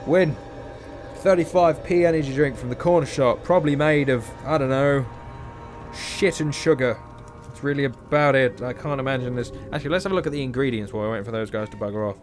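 Brief male game commentator, sleepy and rambling, quiet music behind. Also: mid-range voice, fast talker. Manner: rambling, joking, talks to himself. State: tired, yawning. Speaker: gameplay commentator.

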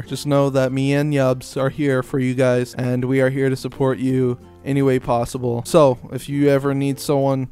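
A man's voice: medium pitch, warm tone. A young man speaking casually and earnestly to viewers, rambling a little. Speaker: vlogger's friend.

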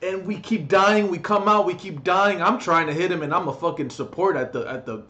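Young guy ranting about gaming in his bedroom, crude, swears a ton, kinda high voice. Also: brisk, bright, forceful tone. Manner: crude, brash, mocking, swears constantly. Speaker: gaming vlogger. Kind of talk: ranting comedic vlog.

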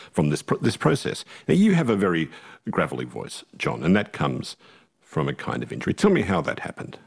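A male host with a deep baritone voice and a slightly husky edge. He talks with enthusiasm, and his pitch moves up and down widely. He leads an interview conversation. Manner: lively, enthusiastic. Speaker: radio host.

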